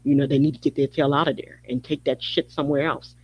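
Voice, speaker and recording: A man's voice: mid-range voice, flat delivery, fast talker, husky, lo-fi sound. A man hosting a podcast, delivering a heated, repetitive rant. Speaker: podcast host. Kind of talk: angry monologue.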